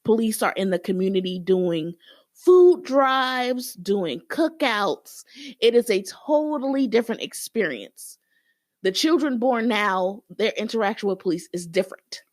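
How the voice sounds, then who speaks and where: A woman's voice: mid-range voice, lively intonation, unhurried, no echo, studio quality. A woman guest on a faith-based podcast, talking earnestly and persuasively.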